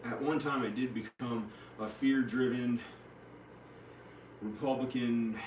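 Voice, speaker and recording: A man's voice: medium pitch, a little mellow. A man talking to the camera in a rambling personal monologue, restarting and trailing off. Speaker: vlogger. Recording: echoey room, mic at a distance, faint noise.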